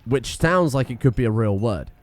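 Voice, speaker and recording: A man's voice: medium pitch, animated, moderate pace. A man giving casual let's-play commentary, rambling, self-mocking and swearing freely as he plays. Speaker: gaming streamer.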